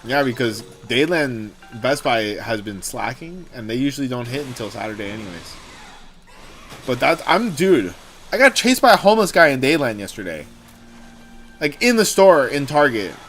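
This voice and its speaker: A young man hosting a gaming livestream, talking casually and telling rambling, animated stories with swearing. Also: mid-range voice, normal speed, a little hiss or hum. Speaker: streamer host.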